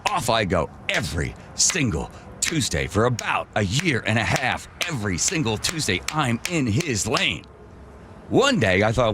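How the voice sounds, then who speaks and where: A man's voice: medium pitch, very animated, a little slow, pushed and bright, a little hiss or hum. A middle-aged man, a radio host, telling a story with vivid drama.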